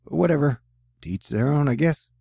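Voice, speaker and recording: A man with a gravelly, husky voice runs through news and weather in a loose, rambling way. He drops self-deprecating jokes between reports. The sound is dry and close. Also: a little high, a little fast, mellow, dry recording. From United States. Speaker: news channel host. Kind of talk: casual news commentary.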